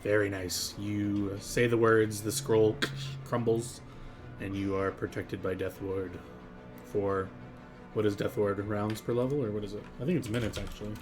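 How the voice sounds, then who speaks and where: A man's voice: on the low side, steady tone, moderate pace, over music. A man running a tabletop game as game master, mulling over rules aloud in an easygoing way.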